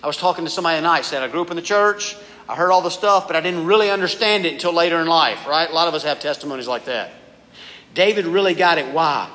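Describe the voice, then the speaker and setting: A man's voice: on the high side, fast. A man preaching a conversational sermon, reading scripture and talking informally to a youth group. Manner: casual, animated preaching, often addresses listeners as "guys". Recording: reverberant hall with faint background noise.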